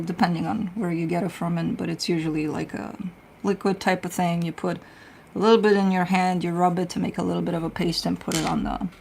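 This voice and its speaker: This is a middle-aged woman with a low, gravelly voice, hosting a casual tarot livestream. She chats with her viewers in a blunt, easygoing way, swears freely and laughs often. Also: a little mellow, slight background noise, rough recording. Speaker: tarot reader and livestream host. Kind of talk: casual livestream chat, answering viewer comments.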